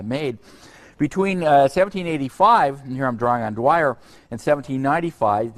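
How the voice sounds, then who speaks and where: A man giving an unscripted university history lecture, halting often on fillers and restarts, with conversational asides to his students. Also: mid-range voice. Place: lecture hall.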